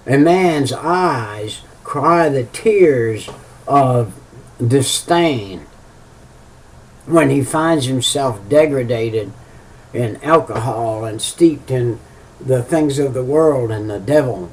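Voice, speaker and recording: A man preaching informally, halting with many fillers and restarts, and repeating key phrases for emphasis. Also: medium pitch, lively intonation. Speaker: lay preacher. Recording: voice a bit far from the mic.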